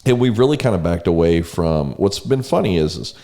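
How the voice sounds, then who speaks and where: A man hosting a podcast, chatting in a relaxed, conversational way with many "you know"s. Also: low-pitched, brisk. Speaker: podcast host. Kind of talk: casual interview chat.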